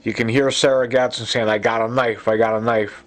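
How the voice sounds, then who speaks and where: A man's voice: medium pitch, flat delivery, fairly quick. A man in an urgent, rambling monologue, accusing people and stacking fillers and asides as he talks. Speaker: self-recorded complainant. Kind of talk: agitated monologue.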